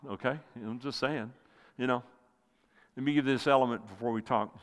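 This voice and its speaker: A male pastor preaching a sermon with passion, rising loud and then dropping to near quiet. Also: brisk. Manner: impassioned preaching, swells loud then drops low. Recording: long hall reverb.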